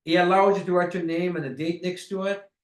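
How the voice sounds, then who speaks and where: Man, high voice, motivational sales trainer, emphatic, repetitive, echoey room. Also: fairly even intonation, fairly quick. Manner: emphatic and repetitive, stretching key words. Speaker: network marketing trainer.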